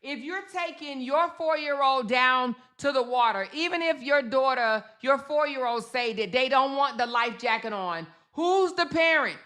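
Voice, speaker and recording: A woman's voice: sits high, pushed and bright. A woman hosting a reaction commentary, fired up and emphatic, swearing and acting out what others said. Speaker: commentary host.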